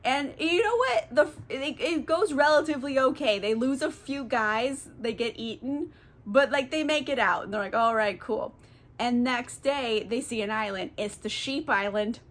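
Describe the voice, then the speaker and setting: A woman's voice: on the high side, moderate pace. Tipsy, giggly woman book vlogger. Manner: rambling, profane, giggly. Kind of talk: casual comedic book recap.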